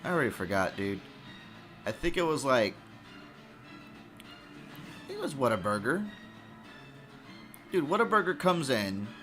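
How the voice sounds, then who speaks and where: Profane rambling man, bright voice. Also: mid-range voice, sing-song, a little slow, long pauses, faint music behind. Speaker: podcast host. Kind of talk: comedic food review monologue.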